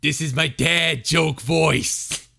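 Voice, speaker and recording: A man putting on a loud, brash dad-joke voice, a male gangster-uncle type with a put-on Chicago and New York accent. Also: on the high side, fairly even intonation, takes it slowly, creaky, voice pushed up, full character voice.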